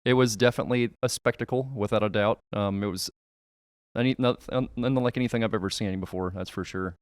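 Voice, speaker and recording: A man's voice: fairly low pitch, fairly even intonation, fast, clear, resonant tone, no echo. A man who is a guest on a podcast, telling stories in a casual, chatty way with many restarts. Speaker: podcast guest, reptile catcher. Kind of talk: casual interview storytelling.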